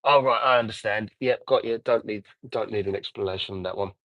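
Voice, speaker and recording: A man's voice: fairly low pitch, brisk, no room sound, highs cut off. An Englishman in his forties chatting casually on a livestream while detailing a car, rambling and answering viewer comments. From England. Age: 40s. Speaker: car detailer live-streaming.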